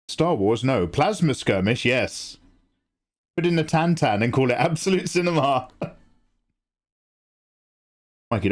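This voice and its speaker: A man who streams his drawing and chats excitedly, swearing freely and reading out viewer messages. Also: medium pitch. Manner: excitable, swears freely, reads chat aloud. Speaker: live-streaming artist. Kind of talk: casual livestream chat.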